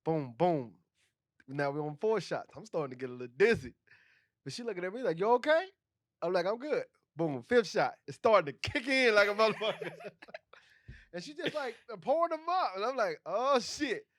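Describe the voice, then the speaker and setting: A man co-hosting a podcast, telling a story in casual, animated chat, laughing often and swearing freely. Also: high-pitched, normal speed, dry recording, clean studio sound. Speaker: podcast co-host.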